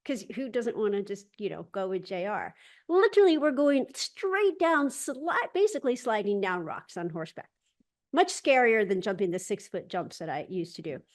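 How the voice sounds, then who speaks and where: A woman hosting a spiritual gathering over a video call. She tells a personal story in a lively, casual way, acts out other people's lines as dialogue and often restarts her sentences. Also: mid-range voice, normal speed.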